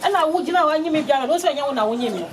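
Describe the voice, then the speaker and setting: A woman's voice: high voice, lively intonation, racing, background noise. A woman pleading animatedly in a comedy skit. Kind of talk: comedy skit dialogue in Twi and pidgin.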